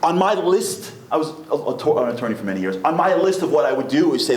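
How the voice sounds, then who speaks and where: A man giving a comic, fast-moving religious lecture, acting out the voices of the people in his stories. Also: on the high side, big pitch swings. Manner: comic, acts out quoted voices, rapid storytelling. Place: packed synagogue hall. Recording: echoey hall with faint room noise.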